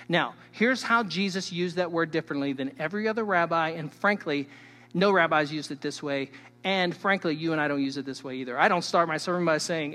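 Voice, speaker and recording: Pastor guy preaching, fairly high voice, big hall echo, gets loud then drops to a hush. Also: moderate pace. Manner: emphatic, swings between loud and hushed; teacherly, addresses the listeners directly. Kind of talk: sermon. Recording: long hall reverb.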